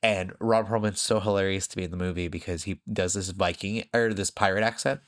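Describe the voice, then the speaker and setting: A man with a fairly low voice talks in loose, casual podcast chat. He rambles, fills gaps with plenty of ums and likes, and laughs often as he goes. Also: fairly even intonation, fairly quick. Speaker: podcast co-host.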